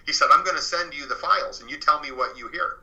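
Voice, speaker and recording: A man tells his story as an interview guest, speaking earnestly and often circling back with fillers and restarts. His voice has a sharp, very bright edge, heard through slightly muffled, lo-fi audio. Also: on the high side, fast talker.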